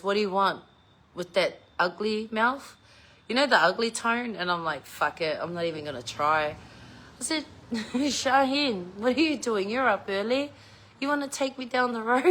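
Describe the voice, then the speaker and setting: A woman's voice: lowish voice, fairly bright tone. A middle-aged woman, chatting casually to her viewers, laughing often and swearing freely as she jokes about herself. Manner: giggly, swears freely, self-mocking. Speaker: vlogger. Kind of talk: casual chat.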